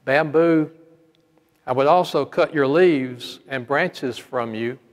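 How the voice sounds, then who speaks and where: A man's voice: medium pitch, takes it slowly, natural voice. A man voicing the grave, loving master of a garden in a sermon parable, speaking solemnly. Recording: long hall reverb.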